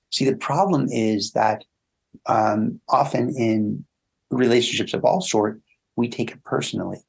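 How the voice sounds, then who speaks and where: Gravelly, husky-voiced male coach. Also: normal speed. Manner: animated storyteller, acts out quoted thoughts in a higher voice. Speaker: relationship coach guest. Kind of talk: conversational interview.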